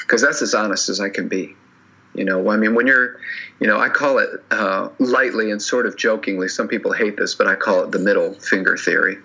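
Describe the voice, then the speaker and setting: Male podcast guest, earnest and teary, halting delivery, very bright tone; lo-fi muffled recording. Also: lowish voice, steady tone. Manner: earnest, halting, many restarts and "you know". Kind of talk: emotional personal interview.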